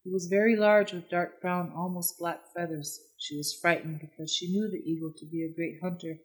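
A storyteller telling an old legend in a measured, solemn way, each line set down with care. The voice sits in a middle pitch, steady and plain. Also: poor audio. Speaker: narrator. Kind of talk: storybook narration.

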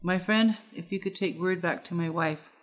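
A woman reading as a resolute warrior father from a storybook, speaking in a low, measured way. The voice sits on the low side and comes out firm and steady. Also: natural voice. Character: grave determined warrior father, middle-aged man.

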